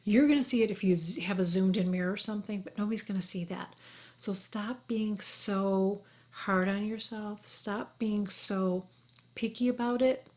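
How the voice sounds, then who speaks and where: A woman's voice: mid-range voice, normal speed, darkish tone. A woman in her forties, a beauty vlogger talking casually to camera in a chatty, reassuring way, sometimes dropping to a whisper. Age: 40s.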